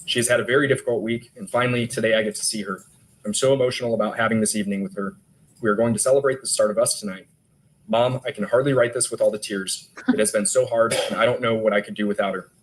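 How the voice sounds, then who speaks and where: A man's voice: fairly low pitch, fairly even intonation, quick pace, rough recording. A male detective testifying in court, steadily reading text messages aloud. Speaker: detective witness.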